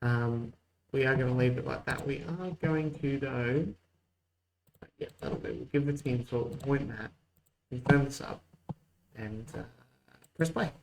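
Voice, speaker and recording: A man's voice: mid-range voice, unhurried, gravelly, noisy background. Man giving casual game commentary. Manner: mock play-by-play, muttered asides. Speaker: host.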